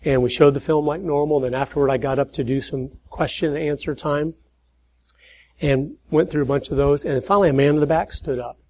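A middle-aged man giving an earnest preaching talk, telling stories and building to emphatic points before dropping his voice low. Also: fairly quick, dark tone, slight background noise, rough recording. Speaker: speaker at church and conservative conferences.

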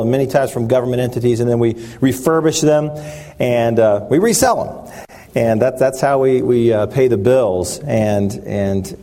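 A man preaching a sermon in an earnest, halting way, often restarting his phrases. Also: mid-range voice, dark tone.

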